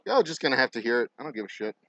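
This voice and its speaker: Man, profane rant, lively pitch, noisy background. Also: very fast, highs cut off. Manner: profane, ranting, animated. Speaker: distillery owner. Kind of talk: casual vlog rant. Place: distillery.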